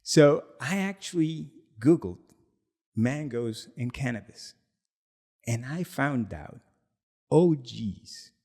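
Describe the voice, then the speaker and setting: A man's voice: medium pitch, takes it slowly, pauses often. A man co-hosting a podcast, telling a story casually with laughter and acted-out quotes. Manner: animated, laughing, acts out quotes. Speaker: podcast co-host and product founder.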